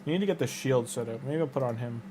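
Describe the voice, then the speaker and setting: A man's voice: medium pitch, fast, warm tone, a little hiss or hum. A man giving casual gameplay commentary, muttering and thinking aloud as he reacts to a game. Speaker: gaming streamer.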